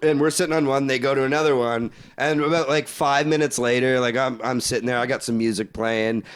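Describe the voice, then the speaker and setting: A man's voice: medium pitch, steady tone, a little fast, clean tone. A young man, co-hosting a podcast and telling a long story in casual chat, rambling, swearing a lot and laughing. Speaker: podcast co-host.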